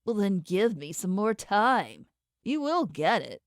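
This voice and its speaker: A woman's voice: medium pitch, very animated, slow, dry recording, studio quality. A woman voicing a wary male hired tracker who answers defensively and placatingly in an audiobook. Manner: defensive, placating, stammering under pressure. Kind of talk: audiobook character voice.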